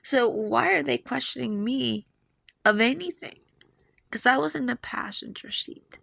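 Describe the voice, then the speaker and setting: A woman's voice: fairly high pitch, a little slow, creaky, sharp tone, no room sound. A woman in her forties earnestly recounting a dream in a rambling, emotional way, with lots of fillers. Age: 40s. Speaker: video creator sharing dreams. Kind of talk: personal storytelling.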